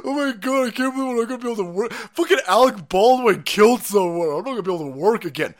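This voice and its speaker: A man mocking a shrill whiny young woman. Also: expressive, fast. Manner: mocking, high falsetto whine.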